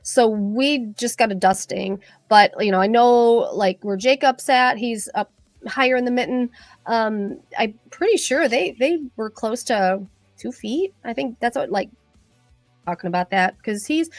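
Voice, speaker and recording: A middle-aged woman, a cosmetologist chatting with viewers on a live stream, excitable and rambling with many fillers. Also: on the high side, measured pace, dry recording, faint music behind. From Michigan. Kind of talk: casual live-stream chat.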